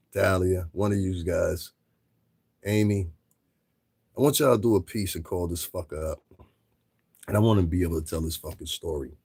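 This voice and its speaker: A man's voice: deep voice, darkish tone, breathy edge, no echo. A man commentating on a livestream in a blunt, profane, lecturing rant.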